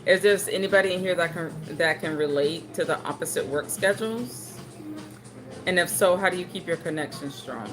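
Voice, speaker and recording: A woman's voice: fairly low pitch, normal speed, over music. A young woman, hosting a home livestream, reading viewer comments and joking around in casual chat. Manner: animated, joking, playful put-on voices. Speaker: livestream host.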